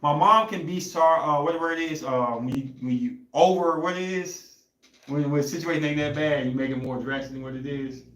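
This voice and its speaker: A man's voice: a little high, fairly quick, fairly bright tone, roomy sound. A young man hosting a podcast, telling a story in a loose, rambling way and searching for words. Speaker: podcast host. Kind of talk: casual storytelling chat.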